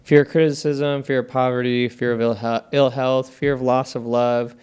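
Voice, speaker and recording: Casual podcast co-host, a man with a smooth, resonant voice who swears freely and rambles through stories. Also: medium pitch, little pitch movement, moderate pace, a little mellow. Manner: candid, profane, rambling storytelling. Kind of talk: casual chat.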